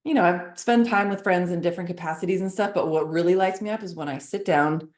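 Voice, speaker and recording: A chatty woman in her thirties, speaking as a coach and podcast guest, with a slightly low voice. She laughs often and fills her sentences with "like". The room sounds echoey. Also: quick pace, darkish tone. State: four months pregnant. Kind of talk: casual conversational interview.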